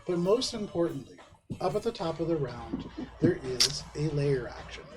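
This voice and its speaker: A man's voice: on the high side, sing-song, normal speed. A man narrating as dungeon master, describing scenes and calling for dice rolls. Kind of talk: narrating a tabletop game.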